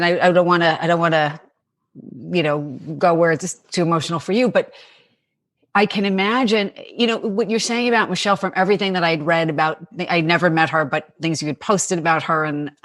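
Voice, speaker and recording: A woman hosting an interview podcast, teary and emotional, stammering over her words. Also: lowish voice. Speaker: podcast host, psychologist. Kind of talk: interview conversation.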